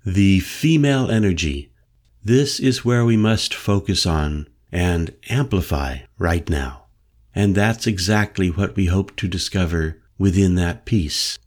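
A man reading an audiobook voices an old male mystic elder with a low, penetrating voice who lectures solemnly and insistently. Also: unhurried. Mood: earnest. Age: older. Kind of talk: audiobook character voice.

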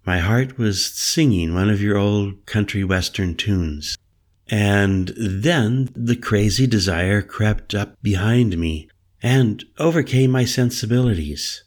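Soft-spoken mystical woman, read by a man: playful, slow, lifted a little in pitch. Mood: confiding. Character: mysterious, teasing woman shaman.

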